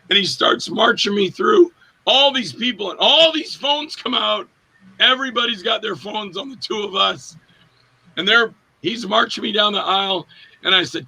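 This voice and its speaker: A man being interviewed as an actor, telling lively anecdotes and acting out the voices of the people in them, with a raspy voice. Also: high voice, moderate pace, low-quality recording. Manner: animated anecdote-telling, acts out quoted voices, laughs often. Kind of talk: casual storytelling interview.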